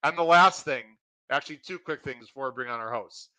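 A man hosting his racing podcast, excitedly welcoming listeners and running through promotions in an energetic, pumped-up way. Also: medium pitch, fairly quick, no room sound, rough recording. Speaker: podcast host.

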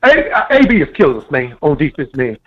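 A man calling in to a sports show, animated and preachy, talking straight to the fans. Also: on the high side, a little fast. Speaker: caller. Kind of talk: casual phone call-in. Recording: muffled phone line.

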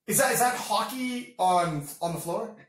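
A man's voice: sits high, moderate pace. Chatty man, distant in an echoey room. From Canada. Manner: chatty, swears, tells animated anecdotes. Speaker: podcast host. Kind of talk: casual interview.

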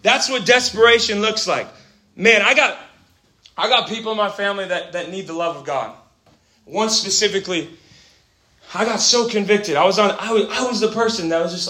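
A young man preaching an energetic sermon, animated and casual, swinging from quiet asides to shouting and calling listeners bro and man. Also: sits high, moderate pace. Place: church gathering hall. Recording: echoey room.

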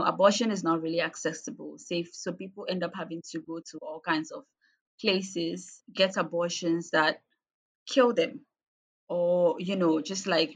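A frank, passionate woman from Ghana speaks in a fairly low voice. She talks casually, full of fillers, and grows heated on things she cares about. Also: a bit bright. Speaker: guest activist. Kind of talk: casual conversation.

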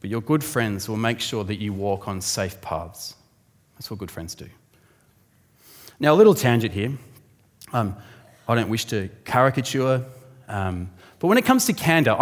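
A man delivers a sermon in a relaxed, conversational way. He is animated and slips into little voices for the people he quotes. His voice rings with the long reverb of a large hall. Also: mid-range voice. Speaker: preacher.

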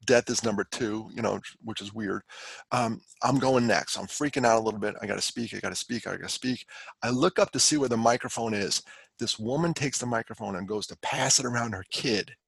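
A man with a gravelly, slightly husky voice tells a personal story in a relaxed chat, mixing in quick impressions of the people he met. His voice is close and dry. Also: mid-range voice, no room sound. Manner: animated storyteller who acts out quoted lines and laughs often. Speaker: guest speaker on suicide prevention. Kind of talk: casual storytelling conversation. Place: on the East Coast of the United States.

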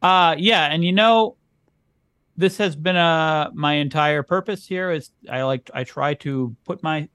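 A man with a somewhat high voice co-hosts a comedy podcast as the dry, wry straight man. He questions his partner's nonsense and then plays along with it. The sound is dry and close. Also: a little slow, a bit bright, smooth, dry recording. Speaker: podcast co-host. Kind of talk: comedy chat.

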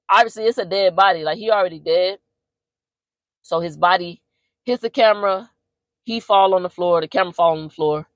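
A woman podcast host tells the plot of a movie in casual, profane slang. Her voice is on the low side. The recording is dry and close. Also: dry recording. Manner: slangy, profane, animated storyteller.

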